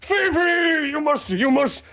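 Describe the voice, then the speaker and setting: A man voicing a huge, bumbling, weepy pig-man guard who shouts in a shrill voice. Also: sing-song, takes it slowly, full character voice. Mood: tearful shouting.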